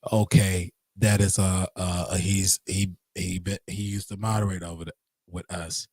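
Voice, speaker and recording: A man's voice: deep voice, level tone, a little slow, a little mellow, breathy edge, no room sound, studio quality. A man hosting a casual livestream, talking to his chat in a rambling, repetitive way with preacher-like call-outs. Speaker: livestream host.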